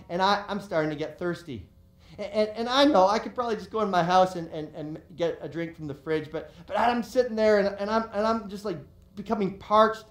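A man preaching a sermon as pastor, telling a story in a chatty way with many repeated words and restarts. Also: high-pitched. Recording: echoey room.

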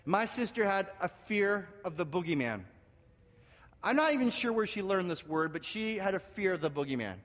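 High-voiced pastor preaching in a reverberant hall. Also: male voice, normal speed. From Canada. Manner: animated, repeats words and restarts, shifts from hushed to loud. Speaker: senior pastor. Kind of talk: sermon with storytelling. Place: church sanctuary.

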